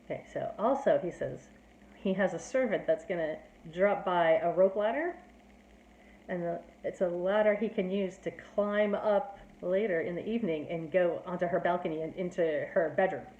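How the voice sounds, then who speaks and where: A woman's voice: on the low side, normal speed, a little mellow, lo-fi sound, a little hiss or hum. Chatty woman in an echoey room. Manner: chatty, filler-heavy with "like" and "you know". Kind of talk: casual plot summary. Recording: roomy echo.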